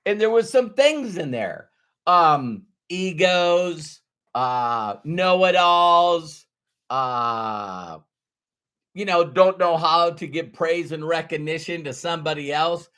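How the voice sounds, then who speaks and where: A man giving a motivational business training talk, telling stories and asking rhetorical questions with slow, stressed words. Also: a little high, lively intonation, a bit bright.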